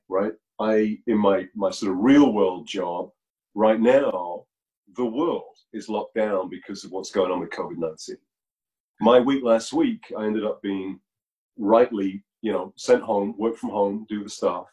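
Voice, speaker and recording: Male musician guest, lowish mellow voice, reflective and measured, video call. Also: low-quality recording. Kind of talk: casual video call interview.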